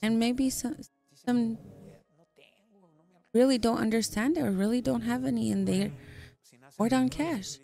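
A woman interpreting a sermon into English live, speaking in short measured phrases with a gravelly voice. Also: on the high side, steady tone, mellow, faint music behind.

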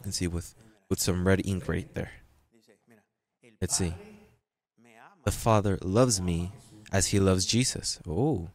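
Lively, laughing preacher man, lowish voice. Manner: lively, laughing anecdotes with frequent restarts. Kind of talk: storytelling sermon.

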